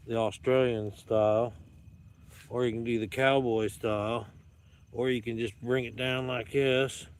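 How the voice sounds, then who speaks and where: A YouTube vlogger with a mid-range, slightly mellow voice jokes to the camera outdoors at dusk, dogs around him. He's a playful, rambling showman chatting casually on his channel.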